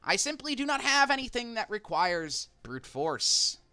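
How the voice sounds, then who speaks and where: Man playing a polite merchant, raised pitch, bright tone, gracious and formal. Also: sing-song, unhurried, clear, resonant tone, heavily acted. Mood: courteous. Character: courteous male merchant handing out magic items.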